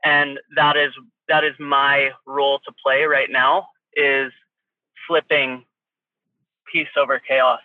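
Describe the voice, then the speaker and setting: A man's voice: medium pitch, little pitch movement, slow, no room sound. Man on a tinny phone line.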